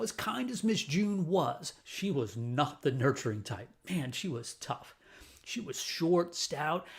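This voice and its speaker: A man from New Orleans telling a personal childhood story with a lesson, in an animated and playful way. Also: on the high side, vocal fry. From New Orleans, USA.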